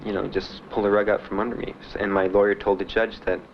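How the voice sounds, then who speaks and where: A man being interviewed about his time in the service, telling his story in a halting, plainspoken way with many fillers. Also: lowish voice, flat delivery. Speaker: veteran interviewee. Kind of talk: documentary interview. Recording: dull archival recording with faint hiss.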